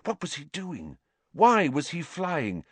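A man narrating a story aloud with dramatic, expressive delivery. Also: fairly high pitch, slow pace, breathy edge, no echo. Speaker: audiobook narrator. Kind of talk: scripted narration.

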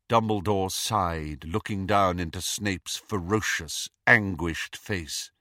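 A man narrating an audiobook in an even, unhurried storytelling manner. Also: deep voice, dry recording, studio quality. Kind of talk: scripted narration.

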